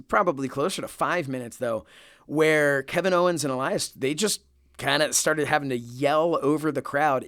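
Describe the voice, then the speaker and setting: A man's voice: medium pitch, fairly bright tone, clear, resonant tone, no echo, studio quality. A young man co-hosting a podcast in casual chat, who laughs often and rambles with plenty of fillers. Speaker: podcast co-host.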